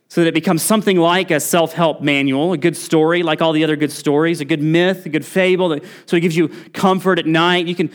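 A man preaching a sermon as pastor in a church, earnest and pressing, lifting his voice on key points. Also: fairly high pitch. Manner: earnest preaching, rising emphasis on key points, occasional restarts. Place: church sanctuary.

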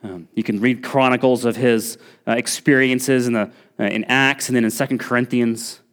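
A man's voice: mid-range voice, fairly even intonation, moderate pace, fairly bright tone. A man preaching a sermon as pastor in a church, earnest and pressing, lifting his voice on key points. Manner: earnest preaching, rising emphasis on key points, occasional restarts. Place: church sanctuary.

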